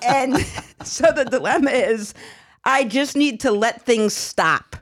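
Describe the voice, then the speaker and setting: A chatty young woman hosts a podcast and tells stories with lively energy. Her voice sits in the middle of the range. The sound is dry and close. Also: mid-range voice, normal speed, no room sound. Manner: chatty, animated storytelling with swearing and laughter. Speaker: podcast host. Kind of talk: casual chat.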